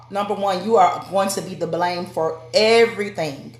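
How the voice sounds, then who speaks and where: A woman with a fairly low pitch talks at a moderate pace in a motivational live stream aimed at women. She's direct and preacherly, calling out to her viewers, and the room sounds echoey.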